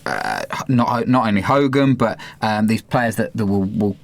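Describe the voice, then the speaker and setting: A man's voice: on the low side, moderate pace, vocal fry. A man with a non-regional southern English accent, hosting a podcast in casual chat, thinking aloud and laughing easily. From Cambridge, England. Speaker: podcast host.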